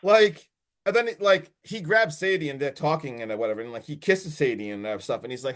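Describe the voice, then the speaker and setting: A man co-hosting a podcast, recapping a movie in a casual, excited way with lots of swearing and fillers. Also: a little high, brisk. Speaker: podcast co-host.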